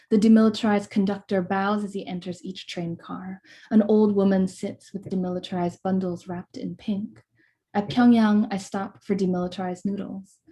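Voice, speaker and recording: Woman poet reading her own verse over a video call, warm and mellow, steady rhythmic delivery. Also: mid-range voice. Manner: measured, rhythmic recitation with soft hesitant asides.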